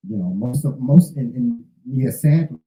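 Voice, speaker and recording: A man in his fifties talks unscripted to his listeners, circling back and repeating himself as he goes. His voice is very dark and mellow, and it carries a noticeable echo from the room. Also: mid-range voice, lively intonation, a little slow. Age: 50s. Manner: rambling, repeats words and restarts often. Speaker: show host. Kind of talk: casual spoken monologue.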